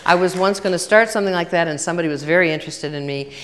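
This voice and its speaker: Speaking rapid-fire in a lowish voice, an older woman tells chatty stories at a workshop before an audience, acting out both speakers in each exchange. Background noise mixes with the long reverb of the large hall.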